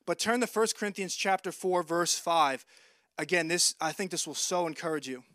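Male preacher, high voice, dry close sound, earnest and emphatic, circles back on his words. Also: normal speed, bright, forceful tone, dry recording. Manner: earnest, emphatic, repeats words and restarts phrases. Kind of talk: sermon.

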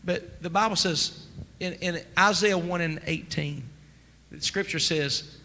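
A man preaching a sermon as pastor, emphatic and rising to near-shouts. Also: a little high, a little slow, vocal fry. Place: church sanctuary. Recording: church sanctuary with long reverb, faint noise.

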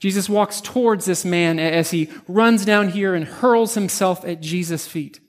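A pastor preaching a narrative sermon, telling a vivid second-person story with frequent restarts. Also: male voice, high-pitched, unhurried.

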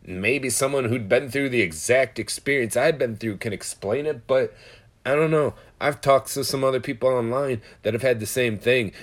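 A man talking in a casual, profane, rambling monologue, telling stories and musing loosely. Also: medium pitch. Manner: profane, storytelling, loose and conversational.

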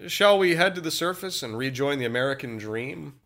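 A man co-hosting a casual podcast, a little sick and hoarse, rambling and laughing as he talks. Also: medium pitch, expressive, brisk, fairly bright tone. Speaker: podcast co-host.

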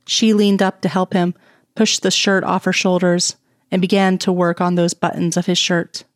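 Woman narrator, low-ish voice, soft and intimate read, dry close sound. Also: little pitch movement, normal speed, dry recording. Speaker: audiobook reader. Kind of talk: reading romance fan fiction aloud.

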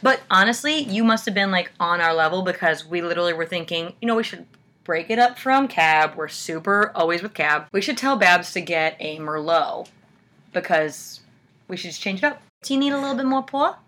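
A woman's voice: fairly low pitch, animated, a little fast, pushed and bright. A young woman co-hosting a podcast, bantering in slangy, casual chat over wine. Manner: bantering, slangy, laughs often. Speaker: podcast co-host.

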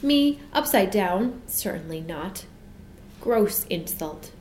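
A woman voicing a fat, grumpy old gentleman at the zoo who snorts with indignation. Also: medium pitch, expressive, slow pace, roomy sound, slight background noise. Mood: indignant.

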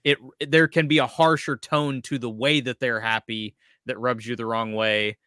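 A man's voice: medium pitch, fairly even intonation, moderate pace, bright, forceful tone, clean tone, dry recording, studio quality. A young man co-hosting a gaming podcast, chatting casually with frequent restarts as he thinks aloud. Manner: hesitant restarts, reflective. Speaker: podcast co-host. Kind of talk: casual chat.

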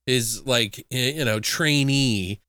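A man's voice: mid-range voice, slow pace, clean tone, no echo, studio quality. A man hosting a podcast, retelling a film plot in casual, profane chat. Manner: animated, profane storytelling. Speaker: podcast host, film reviewer.

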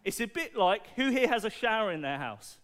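A high-pitched man with a smooth, clear voice preaches to a young audience. He is animated and playful, firing questions at the listeners and sounding upbeat. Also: a little fast. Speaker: preacher at a children's church talk. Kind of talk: lively sermon to children with object lessons.

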